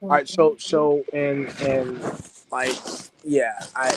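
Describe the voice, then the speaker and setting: A man in a casual chat, laying out his points in a measured way. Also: medium pitch, steady tone, noisy background.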